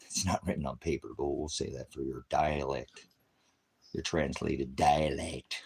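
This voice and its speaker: A man preaching in a rambling, combative rant, swearing heavily, lurching from shouted bursts to low mutters. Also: steady tone, normal speed, husky. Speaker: independent ministry preacher. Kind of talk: profane religious rant.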